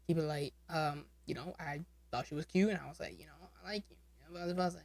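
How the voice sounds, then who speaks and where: A man's voice: fairly high pitch, fast, no room sound. A young man co-hosting a casual podcast, telling a story in slangy talk with frequent laughter. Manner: laughs often, slangy storytelling voicing others. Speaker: podcast co-host. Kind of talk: casual chat.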